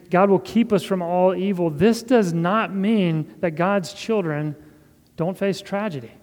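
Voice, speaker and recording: Man, pastor, sermon, earnest measured delivery, fairly high voice, long hall reverb. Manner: earnest, measured preaching with soft laughs.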